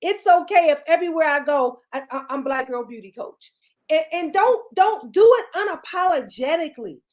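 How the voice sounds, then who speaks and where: A woman's voice: high-pitched, animated, moderate pace. A middle-aged woman guest, a beauty coach, giving encouraging, repetitive pep talk with a preachy cadence. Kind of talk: casual motivational chat.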